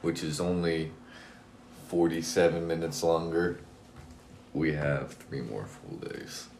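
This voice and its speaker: Super deep voiced young guy joking around, roomy echo, faint hiss. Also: slow pace, gravelly, a little mellow. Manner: joking, easygoing banter. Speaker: podcast guest. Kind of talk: casual chat. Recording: echoey room with faint noise.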